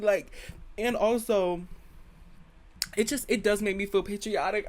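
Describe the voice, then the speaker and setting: A woman's voice: mid-range voice, fairly even intonation, measured pace, darkish tone. A young woman hosting her own show, ranting her opinions in a sassy, dramatic, blunt way and swearing freely. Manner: sassy and dramatic, keeps calling the listener "girl". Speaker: podcast host. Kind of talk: casual opinion rant.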